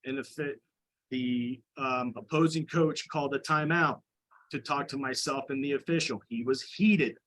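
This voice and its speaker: Male coach, mid-pitch, indignant public commenter who rambles with restarts. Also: moderate pace, a bit bright, slight background noise, poor audio. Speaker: high school girls lacrosse coach. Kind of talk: public comment at a committee meeting.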